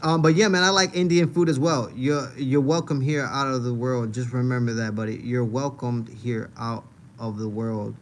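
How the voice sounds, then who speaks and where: A man's voice: mid-range voice, fairly even intonation, moderate pace, a little hiss or hum. A man from Manhattan with a New York accent, hosting a casual livestream and answering chat. He rambles, repeats phrases and keeps saying "you know what I mean.". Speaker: livestream host reading chat.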